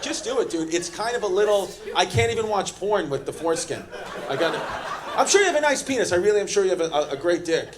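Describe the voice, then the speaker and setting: Brash New York stand-up comic, high voice. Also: male voice, animated, quick pace, background noise. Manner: brash, profane, acts out characters in his stories. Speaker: stand-up comedian. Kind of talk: stand-up comedy with crowd work. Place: comedy club stage. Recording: live club audience. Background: audience laughter.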